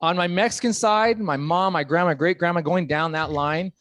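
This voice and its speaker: A man's voice: sits high, normal speed, fairly bright tone, no echo, clean studio sound. A young man with a California accent doing stand-up comedy, often putting on the voices of people in his jokes. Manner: joking, acts out voices of people in his bits.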